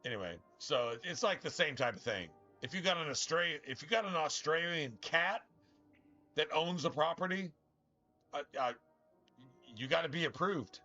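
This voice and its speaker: A young man chats over his gameplay in a bright, forceful, somewhat high voice, rambling and cursing freely as he stumbles over his restarts. The stream audio is dull and lo-fi, with faint game music underneath. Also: lively intonation, normal speed. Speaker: gaming streamer. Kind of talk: casual chat over gameplay.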